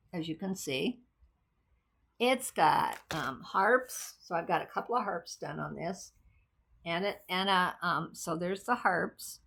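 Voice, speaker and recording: With a fairly low, gravelly voice that carries a bit of brightness, this woman vlogger makes casual conversation about her cross stitch work, wandering and musing aloud.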